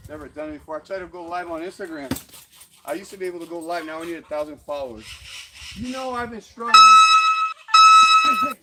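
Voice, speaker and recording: Winded from hitting the bag, this fitness vlogger chatters fast in a fairly high voice, rambling, cursing freely and laughing a lot with very lively energy. The take is outdoors at a rural home gym under trees, swamped by roosters and dogs.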